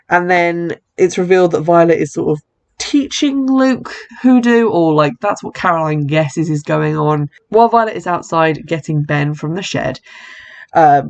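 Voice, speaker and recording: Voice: medium pitch, creaky. A podcast host casually recapping a horror film, chatty, with wry asides and frequent self-corrections.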